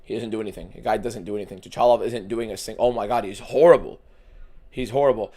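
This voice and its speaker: A man streaming a fight watchalong, giving casual, profane live commentary that swings from shouting to muttering. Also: on the low side, fast talker.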